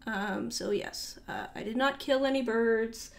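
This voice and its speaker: A young woman with a fairly high voice gives a relaxed, chatty tour of her art sketchbooks. She rambles, trails off and corrects herself as she goes, keeping it informal and friendly. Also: a little slow, creaky. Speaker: artist showing her sketchbook.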